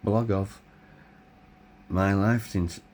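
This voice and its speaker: A middle-aged man telling his own story in a blunt, candid way, swearing freely, his voice tired and hoarse. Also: deep voice, fairly even intonation, very slow, a little mellow, slight background noise. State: hoarse, voice tiring. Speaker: vlogger. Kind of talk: personal storytelling.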